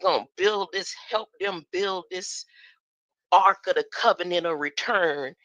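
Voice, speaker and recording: A woman's voice: lowish voice, measured pace, no room sound, highs cut off. A woman giving casual commentary on videos, asking rhetorical questions. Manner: animated, rhetorical "huh?" asides, laughs often.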